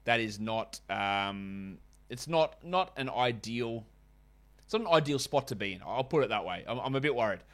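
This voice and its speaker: A man hosts a fantasy basketball podcast, chatting his way through ad reads and brisk stat rundowns with wry asides along the way. He sounds expressive, medium-pitched, and a bit bright.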